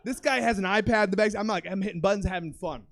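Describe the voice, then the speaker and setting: A young stand-up comic delivers a profane, lively story from a club stage, breaking into shouted impressions. His voice sits high and he races through the set.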